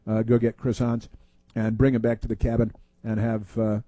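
A man's voice: fairly low pitch, completely flat delivery, warm tone, no echo. A man hosting a casual show, answering listener mail in a rambling monologue full of fillers and restarts. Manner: halting, many fillers and restarts.

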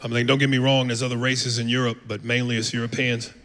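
A man's voice: mid-range voice, level tone, fast talker. A man doing a brash, profane stand-up set in a comedy club, acting out voices. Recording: live club mic with echo and noise.

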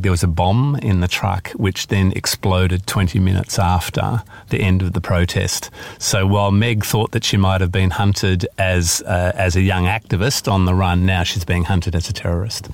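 A man, the author, talking thoughtfully and haltingly in an interview, with many pauses and fillers. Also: sits low, vocal fry, no room sound. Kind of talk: interview about his novel.

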